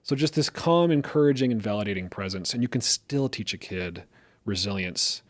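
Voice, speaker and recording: A middle-aged man on a casual podcast, talking through examples in a lively, storytelling way. His voice sits somewhat low, and the sound is close and dry, with no room echo. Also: moderate pace. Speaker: podcast co-host.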